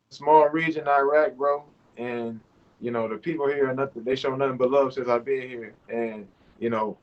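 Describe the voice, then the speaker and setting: A man in his thirties chats loosely over a video call, his talk full of fillers as he drifts from point to point. His voice sits at an ordinary middle pitch, and the call audio comes through dull and lo-fi. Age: 30s. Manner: relaxed and rambling, with many fillers. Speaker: overseas basketball player, guest. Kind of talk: casual interview chat.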